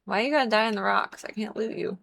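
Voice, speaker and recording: A woman's voice: medium pitch, fast talker, gravelly, a bit bright, a little hiss or hum. A young woman livestreaming a video game, rambling casually and adding playful silly noises between her asides. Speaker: streamer. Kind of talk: casual gaming livestream chat.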